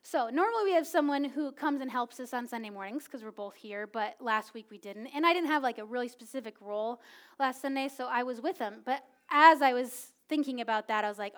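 A woman in her thirties preaching a sermon, telling a personal story in a casual, animated way with many filler words. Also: sits high, moderate pace. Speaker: pastor.

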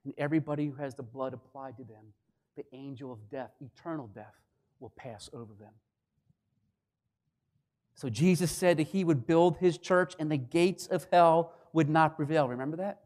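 Man, pastor preaching, emphatic, dips from loud to hushed, fairly high voice. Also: normal speed. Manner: emphatic, swinging between loud declarations and hushed lines. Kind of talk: sermon.

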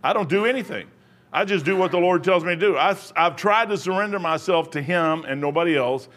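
A middle-aged man delivers a sermon in a high voice. He drifts off the passage into joking stories from his own life, then circles back to the scripture. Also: brisk, a bit bright. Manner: rambling, jokey asides. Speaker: preacher.

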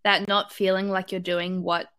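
A woman's voice: medium pitch, level tone, moderate pace, fairly bright tone, clear, resonant tone. A woman hosting a podcast, answering her guest with empathy and asking follow-up questions. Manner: affirming, empathetic. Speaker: podcast host. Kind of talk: interview questions.

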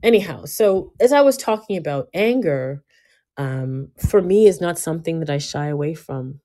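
A woman giving a casual motivational talk, emphatic and given to repeating herself, swinging between loud bursts and quiet asides. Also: deep voice, animated, moderate pace. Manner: emphatic, often repeating and restarting words. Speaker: speaker giving a self-help talk.

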